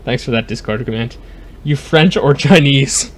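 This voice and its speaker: A let's play host commentates his gameplay casually, joking around and chatting with his live chat, even slipping into jokey mock accents. His voice sits at medium pitch and moves at normal speed.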